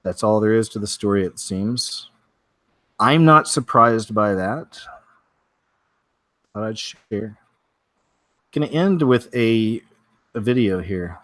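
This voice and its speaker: A man's voice: fairly low pitch, animated, takes it slowly, long pauses, fairly bright tone, no room sound, clean studio sound. A man hosting a casual weekly news show, wry and offhand, with many fillers.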